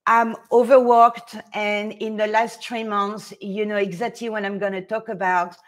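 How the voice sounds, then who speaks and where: A woman, a fashion stylist chatting casually with viewers on a live stream, excitable, nervous and laughing often. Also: medium pitch, moderate pace.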